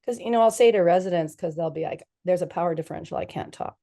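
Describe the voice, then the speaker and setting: A woman's voice: lowish voice, rapid-fire, vocal fry, mellow. A woman physician talking as a podcast guest, animatedly acting out the dialogue she quotes. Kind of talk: conversational podcast interview.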